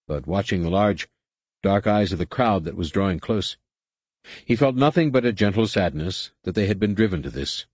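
A man narrating a science-fiction audiobook in a measured, steady reading. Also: deep voice, breathy edge, dry recording. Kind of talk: scripted narration.

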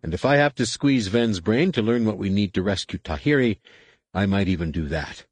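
A man voicing a firm, serious young male Jedi leader, speaking in a clipped, sharp way close to his own lowish voice. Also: animated, moderate pace, husky, dry recording. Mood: stern.

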